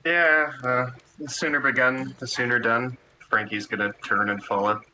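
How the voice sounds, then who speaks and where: A man's voice: medium pitch, steady tone, moderate pace, bright, forceful tone, slight background noise, low-quality recording. A man playing a tabletop game, chatting in an easygoing way with dry remarks. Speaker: player. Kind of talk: casual tabletop play.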